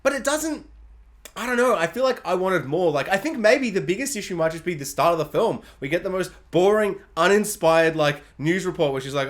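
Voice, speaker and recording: A man reviewing a film in a loose, rambling rant. His voice sits high and swings widely, and he keeps cutting himself off and breaking into goofy voices. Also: brisk. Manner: rambling, excitable, self-interrupting, slips into silly character voices. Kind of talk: casual video review.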